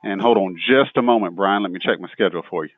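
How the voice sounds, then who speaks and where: A man's voice: low voice, fast. A man playing a tire shop service rep in a practice call, polite and scripted. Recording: dry, tinny phone-like line.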